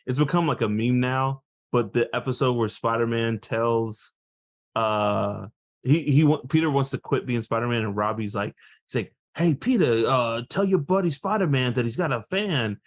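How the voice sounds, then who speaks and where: A man's voice: mid-range voice, moderate pace. A man co-hosting a casual podcast, laughing often and acting out scenes. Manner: animated, laughing, acts out quotes. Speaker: podcast co-host. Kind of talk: casual chat.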